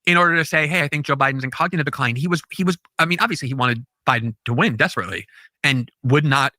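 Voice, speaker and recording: A man talking as a podcast guest, telling stories quickly and animatedly with sarcastic asides. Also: mid-range voice, sharp tone, dry recording, studio quality. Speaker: guest commentator. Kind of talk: casual podcast chat.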